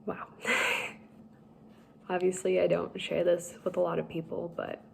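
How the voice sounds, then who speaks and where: A young woman slowly telling a personal story, halting and emotional at times. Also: fairly low pitch, monotone, vocal fry, a little hiss or hum. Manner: slow, halting, tearful at times. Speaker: speaker sharing a personal story.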